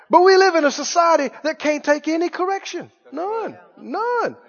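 A man preaching a sermon, emphatic, repeating key phrases, with quick asides and laughs. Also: very high-pitched, very animated, fairly bright tone. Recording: muffled reverberant hall recording.

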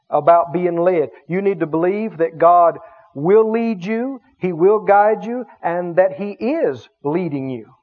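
A man preaching a sermon as a pastor, with emphatic delivery that stretches out key words and calls the congregation to respond. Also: high-pitched. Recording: dull lo-fi sermon recording.

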